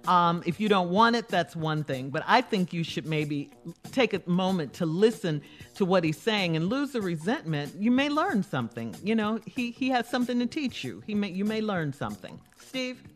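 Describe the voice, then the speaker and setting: A woman's voice: lowish voice, sing-song, normal speed, soft background music. A woman co-hosting a radio morning show, reading letters and moderating the segment. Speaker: radio co-host.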